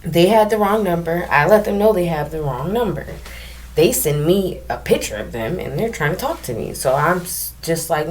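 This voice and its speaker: A young woman telling a personal story to camera in a candid, emotional way, with frequent pauses and restarts. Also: fairly low pitch, animated, a little mellow, slight background noise. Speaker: vlogger telling her own story.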